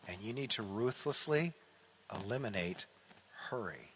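A man voicing a calm, soft-spoken, wise old man, speaking slowly and gently in an echoey hall. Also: on the low side, a little hiss or hum, voice pushed down. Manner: slow, gentle, hushed delivery.

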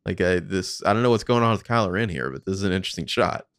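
A man's voice: deep voice, animated, quick pace, fairly bright tone, no echo, studio quality. A man casually commenting on behind-the-scenes footage, swearing freely and thinking aloud.

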